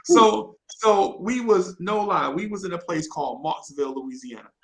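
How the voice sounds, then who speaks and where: A man's voice: high voice, lively intonation, normal speed, poor audio. A man in his fifties telling rambling stories in a casual chat, repeating words and laughing as he goes. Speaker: regular in a live audio chat room.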